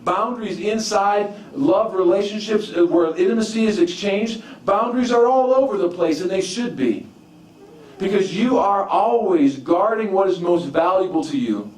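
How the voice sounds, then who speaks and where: A man's voice: high voice, lively intonation, normal speed, darkish tone. Male preacher in an echoey hall. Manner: conversational, repeats words and restarts, tells personal stories. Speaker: pastor. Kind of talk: sermon. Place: church sanctuary. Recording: echoey room from far off.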